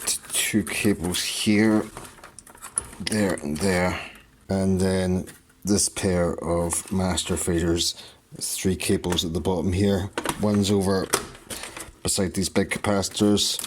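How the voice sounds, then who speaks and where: A man with a low voice walks through a hands-on repair tutorial as host of his channel. He talks in short, clipped phrases, one step at a time, and a faint hiss sits under him.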